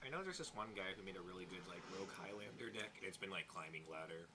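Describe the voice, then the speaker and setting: Excitable low-voiced man, noisy background. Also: very fast. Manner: excitable, laughs often. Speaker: player. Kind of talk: casual chat.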